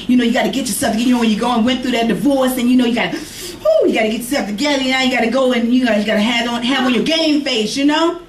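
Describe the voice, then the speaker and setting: A woman preaching, her voice climbing to high emphatic calls and dropping to low conversational asides. She is heard from a distance in an echoey church with a faint hiss underneath. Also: very fast, hardly any pauses. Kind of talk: sermon to a congregation. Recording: echoey room from far off, faint noise.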